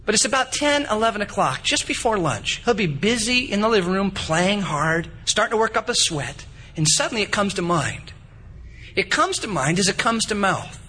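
Man, 30s, pastor; lively high delivery, husky edge, repetitive preaching. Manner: animated, repetitive preaching with acted-out anecdotes. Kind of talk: sermon.

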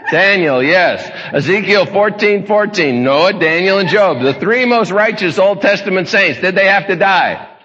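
A high, bright-voiced male preacher who tells stories with folksy jokes and chuckling asides. The sound is dull and lo-fi, caught in a large hall with a long reverb. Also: animated, a little slow. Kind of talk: humorous sermon storytelling.

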